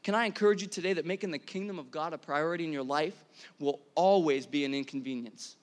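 A pastor in his thirties preaching a sermon to a congregation, energetic and conversational, asking the room questions. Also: on the high side, quick pace. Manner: energetic, conversational, many restarts and audience questions. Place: church hall before a congregation.

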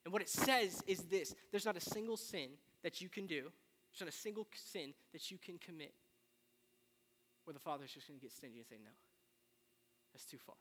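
A man preaching a sermon, retelling the story in a casual, animated way with slang. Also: high voice, fairly quick, slight background noise. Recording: long reverb of a large hall.

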